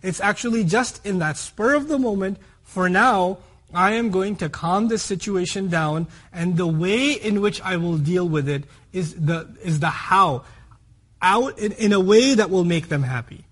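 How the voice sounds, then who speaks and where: A man teaching a religious lecture on scripture, explaining lively and acting out little scenes, often checking in with rhetorical questions. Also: high-pitched, unhurried. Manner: animated, explanatory, acts out quotes, asks rhetorical questions. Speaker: Quran teacher.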